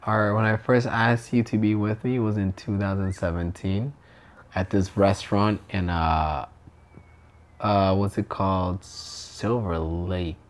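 A man's voice: deep voice, steady tone, unhurried. A young man co-hosting a podcast with his girlfriend, chatting casually and crudely while a bit tipsy. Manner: joking, crude, playfully teasing. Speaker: podcast co-host. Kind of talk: casual couple chat.

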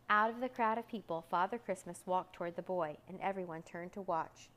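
A woman narrating a children's storybook, lively and expressive. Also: moderate pace, low-quality recording. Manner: lively, voicing characters with raised pitch for shouts. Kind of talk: storybook reading aloud.

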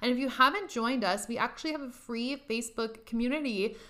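Podcast host, young woman, bright tone, emphatic and profane, casual motivational delivery. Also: fairly high pitch, fairly quick. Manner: profane, emphatic, laughs often.

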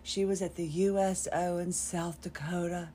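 A woman's voice: on the low side, steady tone, normal speed, mellow, slight background noise. A woman, telling a rambling personal story on her podcast in a wry, self-deprecating way. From North Carolina, USA. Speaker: podcast host.

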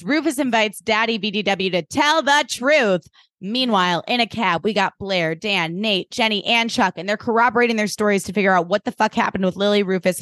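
A woman co-hosting a podcast, retelling a TV episode in casual, animated chat and acting out the quotes. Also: mid-range voice, dry recording, clean studio sound. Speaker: podcast co-host.

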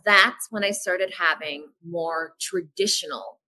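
Woman on a podcast, bright clear voice, candid and animated, swears now and then, does little voices for people. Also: lowish voice, poor audio. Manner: animated, acts out dialogue in quick voices; frank, swears casually. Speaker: podcast guest. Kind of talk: candid personal storytelling in a casual podcast chat.

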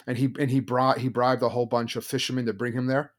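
Man, podcast co-host, casual chat, fast talker, loose storytelling, lots of fillers. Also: medium pitch, little pitch movement.

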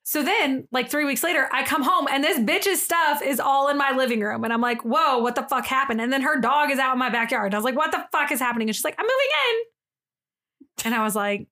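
A young woman co-hosting a podcast, telling a story in casual chat, animated, laughing often and acting out the people in it. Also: sits high, fast, hardly any pauses. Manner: animated, laughing, acts out quoted voices. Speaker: podcast co-host.

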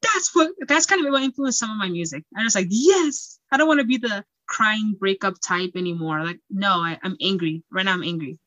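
A young woman from Equatorial Guinea, a pageant titleholder and singer, chatting in an interview with frequent laughter and animated storytelling. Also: mid-range voice, brisk, hardly any pauses, no room sound, highs cut off. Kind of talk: casual interview chat.

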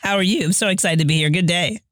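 A woman's voice: on the low side, fast talker, fairly bright tone, dry recording, studio quality. A woman guest on a podcast, upbeat and businesslike as she explains her organization's work. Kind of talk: conversational interview answers.

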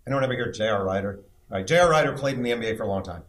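A middle-aged man hosting a live podcast before an audience, telling lively stories and firing teasing questions. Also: lowish voice, racing. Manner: animated storyteller, teasing questions. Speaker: podcast host.

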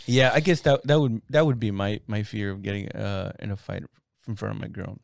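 A man co-hosting a casual chat, laughing often and throwing in quick profane remarks. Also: fairly low pitch, fairly even intonation, gravelly, a little hiss or hum.

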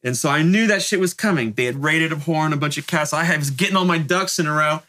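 A man's voice: fairly high pitch, fast talker, sharp tone. A middle-aged man from Northern California, an interview guest telling a long casual story in profane street slang, peppered with "like" and "right?". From North Bay, California.

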